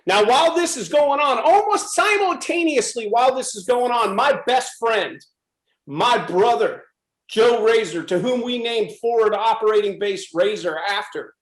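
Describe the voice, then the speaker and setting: A middle-aged man from the USA gives a frank, emphatic personal testimony. His voice sits high for a man. The recording carries a noticeable room echo. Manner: intense, emphatic storytelling. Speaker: speaker at a club presentation.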